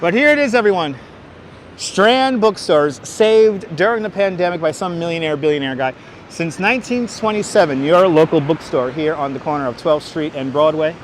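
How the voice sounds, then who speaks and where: A man's voice: a little high, brisk. A man hosting a walking livestream outdoors, chatting with viewers by name and telling street history through a clip-on mic. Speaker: livestream host and city walking guide. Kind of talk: casual walking tour livestream. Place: outdoors on busy city streets. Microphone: wireless clip-on mic. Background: faint street traffic.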